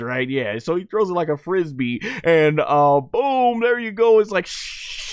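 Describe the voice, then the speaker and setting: A man giving excited commentary on anime fights, laughing often and shouting out the characters' lines. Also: sits high, no echo, studio quality.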